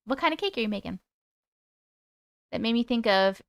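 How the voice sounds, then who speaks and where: A woman hosting a live stream, reading viewer comments aloud and greeting people in a bubbly, chatty way with a high, squeaky voice. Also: animated, moderate pace, clear, resonant tone, dry recording, studio quality. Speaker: host reading live chat. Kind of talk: casual live-stream chat.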